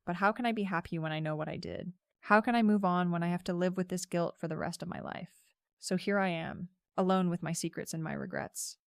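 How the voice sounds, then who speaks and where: A woman narrating a scripted first-person story in a steady, reflective way. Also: on the low side, fairly quick, vocal fry, smooth, dry recording, studio quality.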